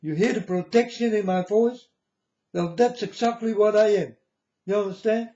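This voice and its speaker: A man gives a preachy, lecturing monologue to his viewers, often addressing them as "folks" and asking whether they understand. His voice is high and mellow, at a moderate pace. The recording has an echoey room and a dull lo-fi sound.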